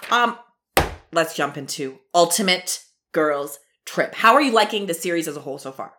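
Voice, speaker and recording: Woman host, lowish voice that jumps all over, bubbly chatty podcast vibe. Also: normal speed. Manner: bubbly, expressive, laughs often. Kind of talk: casual chat.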